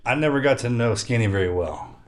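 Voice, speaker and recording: A man hosting a podcast, chatting casually with his guest and breaking in with quick, expressive remarks. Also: mid-range voice, crowd noise. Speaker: podcast host, veteran. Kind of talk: casual interview chat.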